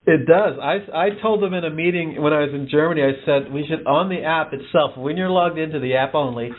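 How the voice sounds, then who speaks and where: A man's voice: a little high, brisk. A man who works for the company, patiently explaining plans and reassuring a partner over a tinny phone line. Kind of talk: phone conversation.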